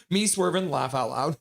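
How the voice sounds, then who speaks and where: A man hosting a hockey live stream, chatting casually and reading viewer comments aloud with frequent laughs. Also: on the high side. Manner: chatty, reads chat messages aloud and laughs often.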